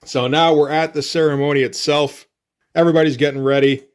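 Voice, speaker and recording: A man's voice: fairly high pitch, brisk, clean tone. Man casually talking through a comic. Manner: relaxed, loose, swears offhandedly, lots of "kinda". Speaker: comic book reviewer. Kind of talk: casual solo commentary.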